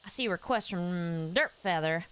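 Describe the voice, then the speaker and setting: A woman's voice: fairly low pitch, normal speed, fairly bright tone, clean tone, natural voice, low-quality recording. A woman putting on a folksy, chatty Southern persona with a Southern US accent while chatting on a live stream. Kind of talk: casual live-stream chat.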